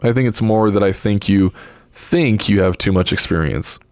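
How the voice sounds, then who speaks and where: A man's voice: on the low side, moderate pace, a little mellow, smooth, no echo, lightly acted. A man voicing a haughty, rakish young duke who speaks in a dry, superior drawl. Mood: mocking.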